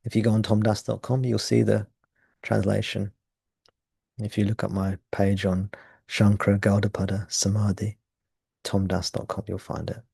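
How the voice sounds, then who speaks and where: A man's voice: fairly low pitch, level tone, moderate pace, vocal fry, a little mellow, slightly rough, no echo, studio quality. A man teaching at a satsang, explaining ideas thoughtfully and often restarting his phrases. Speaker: spiritual teacher. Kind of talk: satsang talk.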